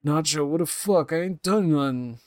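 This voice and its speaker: A man puts on a loud, rowdy drunk in a light performance, pitching his voice above his natural one. He speaks at normal speed on the high side, in studio-quality audio with no room sound.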